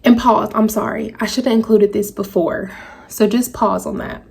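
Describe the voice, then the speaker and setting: A woman in a vlog telling a personal story to her viewers, speaking in a halting, emotional way. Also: mid-range voice, fairly even intonation, creaky, darkish tone, breathy edge. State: tearful at times. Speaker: vlogger. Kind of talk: personal story told to camera.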